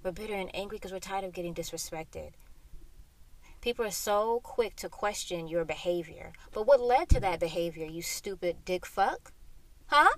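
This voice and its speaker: A woman's voice: medium pitch, normal speed, dry recording. Young adult woman, solo podcast host, frank and profane rant, recorded in a car. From Florida. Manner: profane, blunt and heated. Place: inside a hot parked car.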